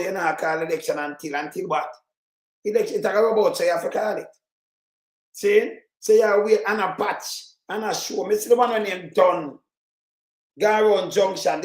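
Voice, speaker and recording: Jamaican guy ranting about the news, high voice, echoey room, fired up and preachy. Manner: heated and preachy, with sudden shouts. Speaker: online commentator.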